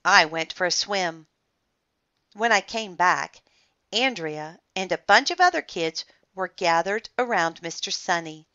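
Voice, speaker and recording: Expressive woman reading a storybook aloud. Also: on the low side, unhurried, highs cut off. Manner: expressive, playful. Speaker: children's book reader.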